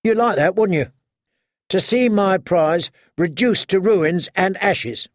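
A man voicing a proud, desperate young male lord with strained, shouting protests. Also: fairly high pitch, sing-song, unhurried, no echo, studio quality, exaggerated voice. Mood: bitter.

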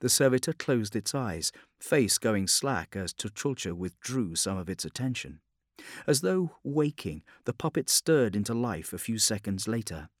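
A man narrating a science fiction audiobook in a measured, grave storytelling manner. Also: lowish voice, big pitch swings, no room sound, studio quality. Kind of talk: scripted dramatic narration.

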